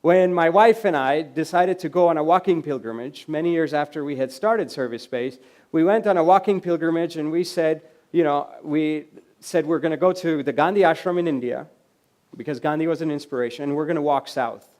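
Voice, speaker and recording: Man giving a storytelling keynote, higher voice. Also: a little fast. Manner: conversational, anecdotal, quiet voices for quoted lines. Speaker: keynote speaker. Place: lecture hall.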